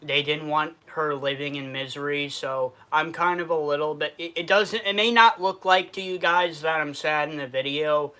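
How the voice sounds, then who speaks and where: A man's voice: fairly high pitch, fairly even intonation, normal speed, hardly any pauses, pushed and bright. A man from Western New York with a New York accent, hosting a casual food review livestream, reading viewer comments aloud and answering them, sad underneath.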